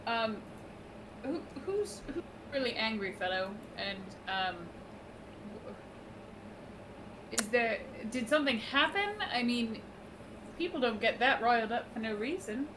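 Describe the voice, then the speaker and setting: A woman's voice: on the high side, expressive, measured pace, long pauses. A woman player in a tabletop game, asking polite, probing questions. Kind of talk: playing a character in a tabletop game. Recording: distant noisy mic on a call.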